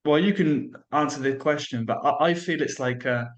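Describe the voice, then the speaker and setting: A man's voice: on the high side, moderate pace. Chatty British man hosting. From Britain. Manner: chatty, many likes and restarts. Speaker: language coach and host. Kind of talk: casual video chat.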